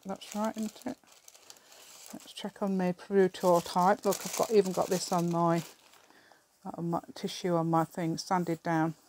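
Middle-aged woman, slightly low voice, rambling craft-video chatter with laughs and mumbled asides. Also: a little mellow, slight background noise. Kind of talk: casual chat while crafting.

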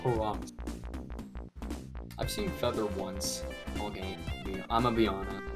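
Very low-voiced woman, loud music behind. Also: big pitch swings, measured pace. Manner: pleading, insistent, swearing. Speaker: gamer. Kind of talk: casual game chat.

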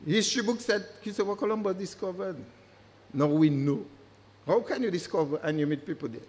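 A man's voice: high voice, expressive, fairly quick, darkish tone. Emphatic man lecturing in a hall. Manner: emphatic, repeats words for stress. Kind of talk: public lecture. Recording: long hall reverb.

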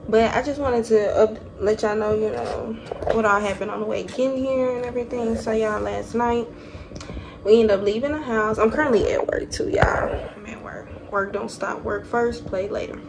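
In a casual vlog filmed in a hotel room, a young woman tells her viewers a story, animated and swearing freely while calling them y'all. Her voice is a little high and gravelly, at a moderate pace. It's a noisy phone recording.

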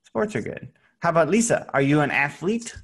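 A man teaching English to children in an online class, speaking slowly and clearly with a patient, playful manner. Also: fairly high pitch, expressive, noisy background. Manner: patient, slow and clear, playful sound effects.

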